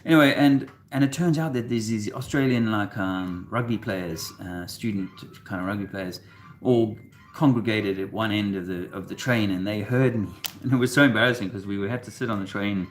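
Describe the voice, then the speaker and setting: A man co-hosting a casual chat, rambling and halting, with many fillers and restarts. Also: fairly low pitch, a little hiss or hum. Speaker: co-host.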